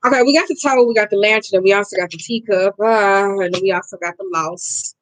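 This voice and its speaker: A woman giving a casual card reading to her viewers, blunt and profane, with emphatic, drawn-out repetitions. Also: mid-range voice, no echo, poor audio. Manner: blunt, profane and expressive, talking straight to viewers. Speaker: oracle card reader.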